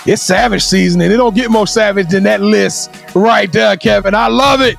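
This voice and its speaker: Very high-voiced, gravelly, hyped-up male host. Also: moderate pace, soft background music. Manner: exuberant, shouting and sing-song. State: out of breath. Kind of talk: hype show sign-off, energetic chat.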